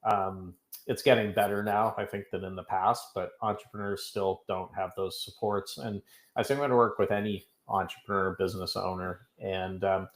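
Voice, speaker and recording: A man's voice: sits low, fairly even intonation, normal speed, roomy sound. A middle-aged man from Canada, a guest in an interview, who tells stories in a chatty, self-joking way. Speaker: podcast guest, business coach. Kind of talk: casual interview talk.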